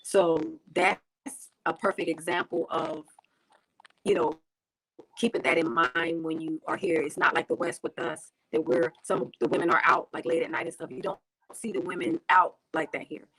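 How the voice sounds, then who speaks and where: A woman's voice: on the low side, big pitch swings, normal speed, a bit bright, poor audio. A woman from the United States speaking as an interview guest, chatty, with frequent fillers and restarts. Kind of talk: casual interview talk.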